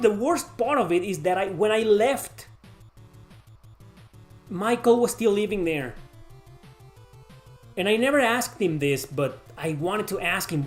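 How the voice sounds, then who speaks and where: A man casually answering chat questions on a livestream, rambling and swearing freely. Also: high voice.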